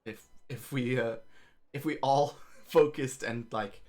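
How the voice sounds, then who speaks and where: A man's voice: mid-range voice, slow pace, a little mellow. A man playing in a tabletop game who speaks hesitantly, trailing off and starting his sentences over. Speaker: player. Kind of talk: casual table talk.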